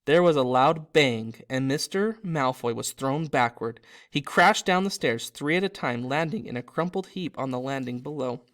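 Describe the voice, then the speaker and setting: A man reading his own storybook aloud, animated, with occasional slips and self-corrections. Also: mid-range voice, moderate pace, few pauses. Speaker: narrator and author.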